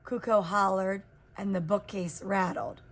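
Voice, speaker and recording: In this storybook read-aloud, the reader is a woman whose voice sits in the mid range. She takes her time with the children's picture book and gives it plenty of expression.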